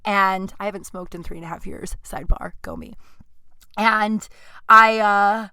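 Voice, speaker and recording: Woman in her 30s yapping away on her podcast, smooth clear voice, dry close sound, says like constantly. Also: mid-range voice, steady tone, unhurried, bright, forceful tone, no echo. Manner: rambling, full of "like" fillers and self-asides. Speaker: podcast host. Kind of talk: casual storytelling. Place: home apartment.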